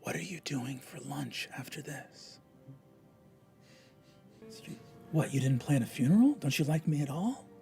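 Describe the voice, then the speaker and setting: Condemned guy on the gallows, defiant, goes from whispery to loud and frantic, a man putting him on, faint music behind. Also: lowish voice, slow. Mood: hushed, wry. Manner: breaks between hushed whispers and loud desperate outbursts.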